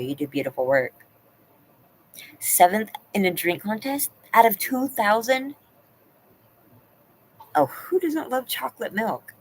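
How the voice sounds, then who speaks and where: A woman's voice: low voice, slight background noise, poor audio. A woman hosting a live stream from home, chatting casually and answering her viewers by name. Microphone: laptop.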